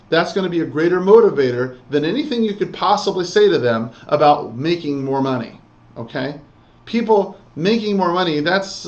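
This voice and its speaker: A man giving an emphatic sales training lesson, often checking in with "okay?" and "all right?". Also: a little high. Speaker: real estate sales trainer. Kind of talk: instructional talk. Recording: dull lo-fi recording.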